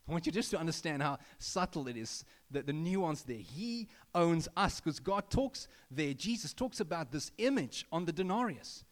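A man's voice: fairly high pitch, very animated, moderate pace, few pauses. A man preaching a sermon in a conversational way, with asides to the congregation and rising emphasis on key points. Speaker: pastor. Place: church building.

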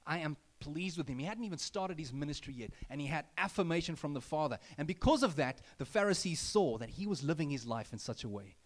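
A man preaching a sermon in a conversational way, with asides to the congregation and rising emphasis on key points. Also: on the high side. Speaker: pastor. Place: church building.

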